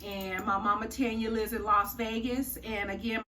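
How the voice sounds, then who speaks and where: A woman's voice: medium pitch, level tone, moderate pace, bright, forceful tone, reverberant. A woman hosting a cooking tutorial in a chatty, folksy way. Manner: chatty, folksy, says y'all and honey. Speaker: cooking channel host. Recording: distant mic, faint room noise.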